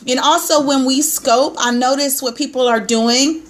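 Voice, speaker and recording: A woman's voice: sits high, steady tone, moderate pace. A woman coaching on weight loss, chatting casually on a live stream from her phone and greeting her viewers by name with sing-song hellos.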